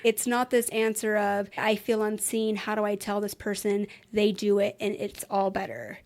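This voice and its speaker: This is a woman therapist talking on a podcast. Her voice is gravelly and of middle pitch. She sounds calm and reflective, and she gently coaches her listener with repeated rhetorical questions. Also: moderate pace. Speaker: therapist guest. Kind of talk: podcast conversation.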